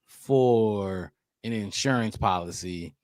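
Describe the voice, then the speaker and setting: A man co-hosting a sports podcast, calmly laying out his view. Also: lowish voice, slow pace, dry recording, clean studio sound. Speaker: podcast co-host.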